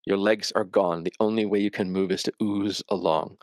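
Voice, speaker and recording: A man narrating a tabletop role-playing game as game master, in a dramatic, measured way. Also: deep voice, steady tone, a little mellow, dry recording, clean studio sound.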